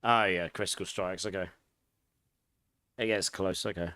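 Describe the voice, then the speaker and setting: A man's voice: low voice, moderate pace, clean tone, no echo. A man from England with a London and Essex accent touched with posh, chatting casually and answering his chat during a live game stream. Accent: London and Essex English with a posh touch. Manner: chatty, relaxed, reads and answers chat, laughs often.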